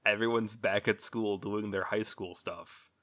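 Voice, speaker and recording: A man's voice: on the low side, fairly even intonation, a little slow, a bit bright. A man hosting a casual chat, rambling, laughing often and swearing freely.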